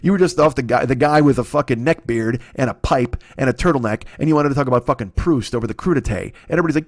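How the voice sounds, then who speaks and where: A man's voice: medium pitch, sing-song, rapid-fire, few pauses, dry recording, clean studio sound. A man in his forties ranting solo on his comedy podcast, profane and rambling, often cutting in on himself. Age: 40s. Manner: profane, rambling, self-mocking.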